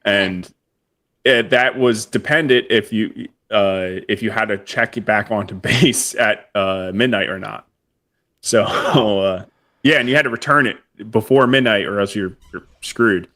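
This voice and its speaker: A man, a military veteran and guest on a podcast, relaxed and telling stories in casual chat with small chuckles. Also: lowish voice, unhurried. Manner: relaxed anecdotal storyteller, chuckles between phrases.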